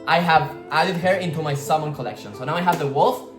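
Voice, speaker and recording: A man's voice: on the high side, brisk. A man vlogging in a casual, rambling way, swearing freely and filling his talk with "like.". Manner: rambling, slangy, swears freely, many "like" fillers. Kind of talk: casual storytelling vlog. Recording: roomy echo with guitar music behind.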